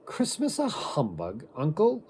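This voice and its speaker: A man's voice: wildly swooping pitch, a little slow, a little hiss or hum, full character voice. A man doing a cheerful eager young man. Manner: bright, pleading, high and eager.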